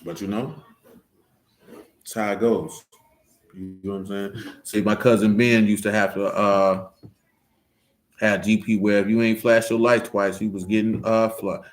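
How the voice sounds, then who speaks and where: A man's voice on the low side, level in tone, at a measured pace with long pauses, recorded in an echoey room. He's a religious discussion leader talking in a casual, preaching way, emphatic and fond of rhetorical questions.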